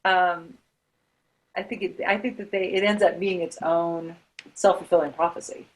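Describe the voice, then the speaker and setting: A woman's voice: fairly low pitch, steady tone, moderate pace, poor audio. A woman co-hosting a writers' podcast in a casual chat, talkative and given to fillers and laughter. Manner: chatty, laughs often, hesitant fillers. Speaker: podcast co-host.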